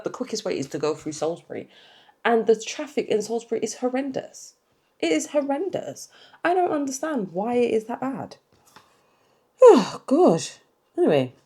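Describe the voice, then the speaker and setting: A woman's voice: mid-range voice, a little mellow. A woman from England chatting casually through her weekly cash budget, tired and rambling. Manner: rambling, chatty, talks while counting cash. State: tired, yawning. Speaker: budgeting vlogger. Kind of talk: casual budget vlog chat.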